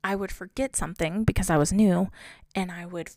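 A woman's voice: fairly low pitch, fairly even intonation, fairly quick, mellow, no room sound, studio quality. A young woman talking through her own experiences in a casual, reflective monologue, often asking rhetorical questions. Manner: conversational, asks rhetorical questions.

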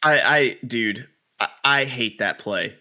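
A man co-hosting a relaxed sports podcast, with a mid-pitched, bright and forceful voice. He riffs through jokes and crude humor in an easy, bantering way. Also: slow pace. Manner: joking, riffing with crude humor. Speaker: podcast co-host. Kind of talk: casual sports chat.

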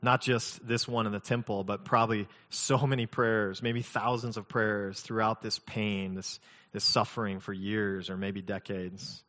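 Male pastor, low voice, relaxed conversational preaching with light humor, long hall reverb. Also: unhurried. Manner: conversational, mixes scripture reading with humorous personal stories. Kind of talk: sermon.

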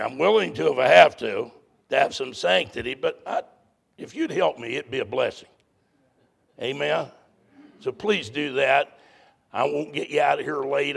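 Very gravelly older male preacher. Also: medium pitch, a bit bright. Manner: folksy, blunt, emphatic preaching. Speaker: pastor. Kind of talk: sermon.

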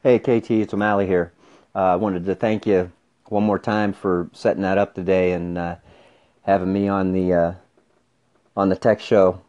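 A male caller thanking the host in a grateful, loud voice on a dull lo-fi recording. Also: low-pitched, level tone, normal speed.

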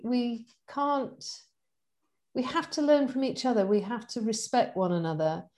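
A middle-aged woman in casual conversation, chatty and animated, laughing often as she talks about her events. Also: fairly low pitch. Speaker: event organizer and guest.

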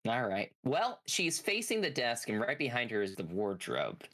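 A man's voice: medium pitch, wildly swooping pitch, normal speed, a bit bright. A man as game master, narrating a tabletop game in an easygoing, hesitant way with many fillers.

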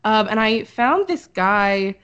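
A woman's voice: mid-range voice, expressive, takes it slowly, fairly bright tone, smooth. A woman hosting a casual podcast chat, explaining what she read with frequent fillers. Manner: explanatory, reads from notes with fillers. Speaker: podcast host presenting research. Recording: dull lo-fi audio.

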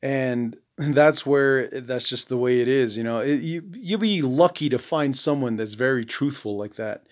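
A man's voice: medium pitch, measured pace, hardly any pauses. A man from the Navajo Nation hosting a podcast, talking bluntly and profanely, full of "you know". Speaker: podcast host, veteran. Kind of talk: casual monologue.

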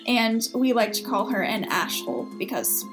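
A woman's voice: a little high, very animated, normal speed, over music. A woman co-hosting a casual podcast, with bubbly, playful banter. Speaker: podcast co-host.

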